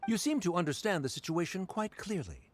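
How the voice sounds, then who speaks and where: A man's voice: sits high, very animated, brisk, slight background noise. An actor playing a cold, condescending male official who speaks in a haughty, officious way.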